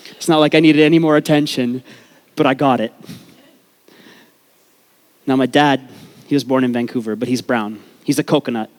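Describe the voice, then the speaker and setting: A man's voice: mid-range voice, a little mellow. Self-mocking man telling his story on stage. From Canada. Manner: joking, self-mocking, swears freely. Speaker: speaker at a storytelling event. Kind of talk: comedic personal storytelling talk. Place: stage before a live audience.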